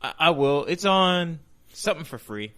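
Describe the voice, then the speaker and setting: A man's voice: a little high, animated, normal speed, bright, forceful tone. A man hosting a comedy podcast, chatting casually, rambling with lots of ums as he hunts for names, swearing freely. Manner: rambling, profane, with many ums and searching for names. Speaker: podcast host.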